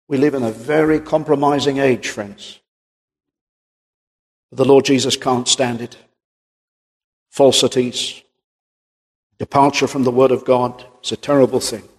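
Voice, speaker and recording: A man preaching with a husky, slightly breathy voice, earnest and emphatic as he reads old-style scripture. His words ring out with a long reverb from a big hall. His pitch sits in a middle range for a man. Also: steady tone, moderate pace, long pauses. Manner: earnest, emphatic, quotes King James scripture. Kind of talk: sermon.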